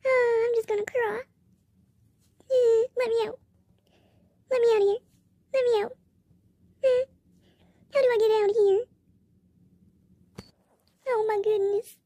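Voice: very high voice, mellow. A performer voicing a sad loser male mall cop stuck in a bunny suit, in a whiny, self-pitying, pleading game role-play story voice, often near tears.

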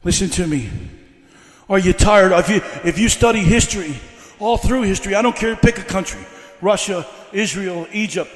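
A man with a very high voice preaches a fiery revival sermon. He peppers his lines with "uh" and hammers the same questions again and again. His voice rings out with the long echo of a large hall. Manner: fiery preaching with repeated "uh" fillers; builds by repeating questions. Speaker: evangelist. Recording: echoey hall.

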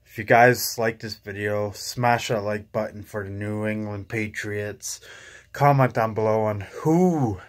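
A young man from Canada talking casually to his vlog audience, low-key and sleepy since he just woke up. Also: unhurried. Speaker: vlogger.

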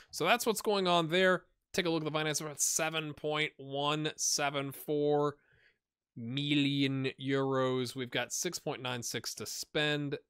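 A man commentates his game in a relaxed let's-play chat, thinking out loud and getting excitable over good results. His voice is bright and forward, recorded close and dry on a desk mic at home. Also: mid-range voice, no room sound. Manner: chatty, thinking aloud, excitable. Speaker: gaming channel host.

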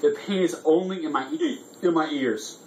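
A man's voice: fairly high pitch, moderate pace, darkish tone, a little hiss or hum, poor audio. A drunk man hosting a casual vlog, rambling loosely and swearing freely. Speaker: vlog host. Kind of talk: casual chat.

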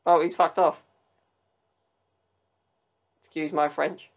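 A man's voice: on the high side, level tone, slow, very noisy. A man with a British accent giving casual, blunt and exclamatory reaction commentary with cheeky banter. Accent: British English. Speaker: video commentator.

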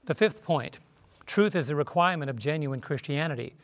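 Guy teaching bible study on a tv panel, fairly high voice, earnest, quoting verses. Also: brisk. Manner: earnest teaching with scripture quotes. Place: television studio.

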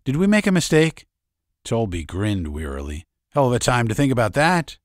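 A man's voice: medium pitch, wildly swooping pitch, moderate pace, no room sound, clean studio sound. A man voicing a young woman, hesitant and shaken, in a raised, thin voice. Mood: troubled.

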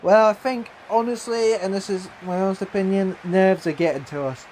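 A young man giving live commentary over his own football video game, swinging between gloomy mutters and excited yells at chances. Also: high voice, moderate pace, a little hiss or hum. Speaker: gaming YouTuber.

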